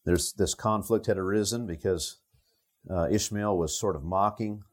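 A man's voice: on the low side, moderate pace. A man preaching a Bible sermon, talking it through with the listeners in a conversational way. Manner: conversational, thinking aloud with the listeners. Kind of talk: expository sermon.

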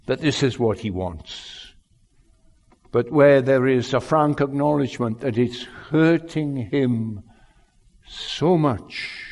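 Slow earnest preaching man in a hall. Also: mid-range voice. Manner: slow, earnest preaching with wide swings in loudness. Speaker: pastor. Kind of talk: sermon. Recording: long hall reverb.

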